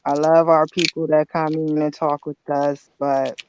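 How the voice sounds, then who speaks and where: A woman's voice: low-pitched, level tone, a little slow, background noise. A woman on a casual panel talk, frank and annoyed, speaking out with hesitations. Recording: dull lo-fi sound.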